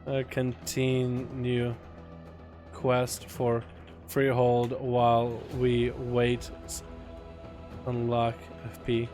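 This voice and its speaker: A man's voice: mid-range voice, monotone, drawn-out words, pauses often, a little mellow, faint music behind. A young man casually commentating his game livestream, laid-back, laughing often and swearing casually. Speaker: gaming streamer.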